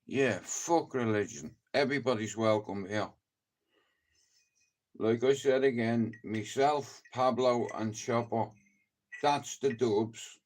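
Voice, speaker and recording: A man's voice: mid-range voice, slow pace, a little mellow. A man with a Dublin accent, rambling and swearing through a casual live-stream chat. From Ireland. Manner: rambling and heavily profane, chatty storytelling.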